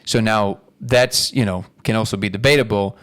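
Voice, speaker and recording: A man with a low voice sits as a guest in a casual conversation. He is analytical and measured, and he restates points to check that he understands them. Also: a bit bright. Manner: thoughtful, analytical, paraphrasing ideas back. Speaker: guest, actor.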